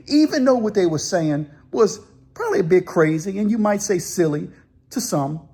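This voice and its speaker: A man's voice: a little high, darkish tone, slightly rough. A man telling a story in a loose, rambling way. He circles back and repeats phrases as he goes. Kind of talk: casual spoken storytelling.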